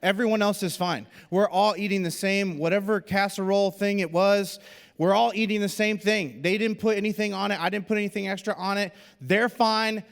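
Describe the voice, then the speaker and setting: A man's voice: high-pitched, fairly quick, gravelly. A man preaching a sermon, telling a personal story and acting out the voices of the people in it. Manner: animated storyteller, acts out quoted voices. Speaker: pastor. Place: church auditorium. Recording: long hall reverb.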